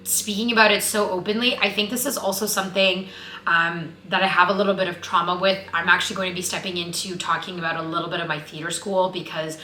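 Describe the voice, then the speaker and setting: Young woman vlogger, nervous and chatty. Bright, slightly low voice in a reverberant room. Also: flat delivery, fast talker, a little hiss or hum. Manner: nervous, open, heavy use of "like". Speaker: vlogger and actress. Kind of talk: casual chat to camera. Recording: roomy echo.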